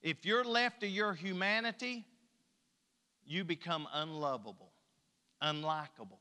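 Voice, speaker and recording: Folksy high-voiced preacher man. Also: measured pace, pushed and bright, clear, resonant tone, long reverb tail. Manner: folksy, colloquial grammar. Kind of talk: sermon. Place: church sanctuary.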